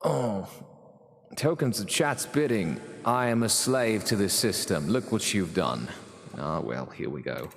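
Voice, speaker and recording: A male streamer chatting wryly to viewers in a put-on, deliberately bad British accent. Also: lowish voice, animated. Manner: wry, mock-posh, chatting to chat. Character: streamer doing an exaggerated mock British gentleman. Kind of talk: live stream chat to viewers. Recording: reverby room with background music.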